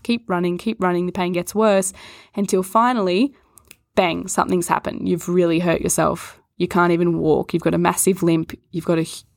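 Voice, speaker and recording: A woman's voice: mid-range voice, darkish tone, no echo, studio quality. A woman yoga and Reiki teacher talking earnestly on a podcast, coaxing the listener and speaking straight to them. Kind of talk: podcast talk on chakras.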